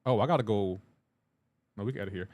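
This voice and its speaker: A man's voice: on the low side, fast talker, darkish tone. Chatty man streaming a mobile game. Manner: talks to chat viewers while playing, loose and chatty. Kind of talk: casual live-stream chat reading comments.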